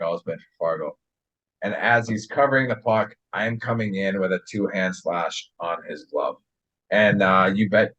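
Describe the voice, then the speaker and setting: A lower-voiced man, a former hockey player, chats as a podcast guest and tells stories in an easygoing, laid-back way. His audio is slightly dull and muffled. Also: fairly bright tone. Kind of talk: casual storytelling chat.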